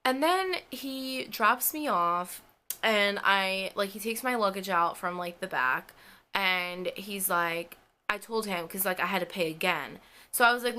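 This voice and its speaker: A young woman tells a casual storytime straight to her camera. Her voice is bright and edged, and she lets "like" and swear words pile into every sentence. She acts out what each person said as she goes. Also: mid-range voice, a little slow. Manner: chatty, fills every sentence with "like", swears often; acts out both sides of the conversations. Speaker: vlogger telling a story.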